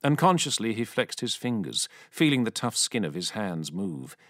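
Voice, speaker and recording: A man reading a story aloud as an audiobook narrator in a dramatic, expressive manner. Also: on the low side, moderate pace, dry recording, studio quality.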